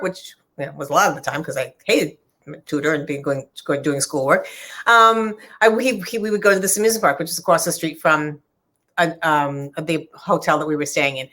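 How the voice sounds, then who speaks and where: A woman's voice: fairly low pitch, bright, forceful tone. A middle-aged woman author earnestly telling a personal story in conversation, with many fillers and restarts. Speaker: author discussing her book.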